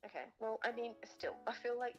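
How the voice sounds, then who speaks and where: A woman's voice: on the high side, fairly quick, muffled recording, faint music behind. A middle-aged woman, a mother, chatting with her sister in a dry, teasing, sarcastic way. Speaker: guest sister. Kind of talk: casual chat.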